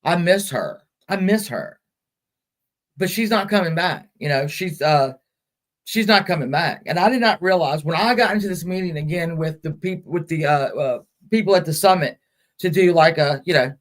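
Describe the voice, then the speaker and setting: Halting woman hosting a caregiver stream. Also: on the low side, animated. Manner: halting, full of fillers and restarts; reads and answers viewer comments aloud. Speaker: host of a caregiver support stream. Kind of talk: emotional casual live-stream talk.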